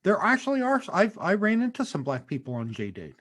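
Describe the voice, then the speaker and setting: A man hosting a comedy podcast, chatting casually and telling stories in an animated, joking way. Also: sits high, fairly quick. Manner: animated, jokey storyteller. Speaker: podcast host.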